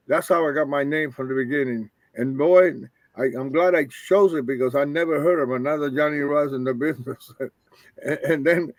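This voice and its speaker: In a dry recording, a retired wrestler in his later years tells meandering stories as a guest, his voice pitched somewhat high. He acts out the dialogue of the people in his anecdotes as he goes.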